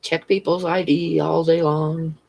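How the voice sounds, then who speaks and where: A woman's voice: sits low, little pitch movement, unhurried, gravelly, mellow, rough recording. Chatty woman rambling and laughing. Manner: rambling, chatty storyteller who laughs often. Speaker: convenience store clerk. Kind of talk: casual chat on a live stream. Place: at home, near a fish tank.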